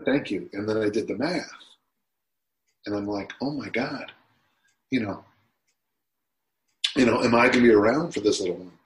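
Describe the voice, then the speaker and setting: Being interviewed as a podcast guest, a man in his sixties talks thoughtfully, with moments of emotion breaking through. His pitch is fairly low, his pace moderate, and he leaves long pauses. Echo from the room is audible.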